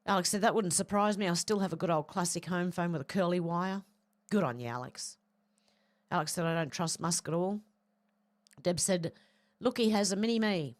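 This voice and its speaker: A woman with a lowish, throaty voice reads viewer comments off her livestream chat. She answers each one with chatty asides and clears her throat now and then. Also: normal speed. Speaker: livestream host reading chat. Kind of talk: casual chat, reading viewer comments aloud.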